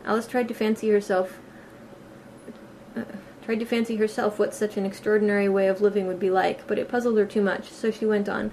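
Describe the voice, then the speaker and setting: A woman narrating a storybook audiobook in a plain, steady reading voice with a few small slips. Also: mid-range voice, a little fast, slight background noise. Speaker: audiobook reader.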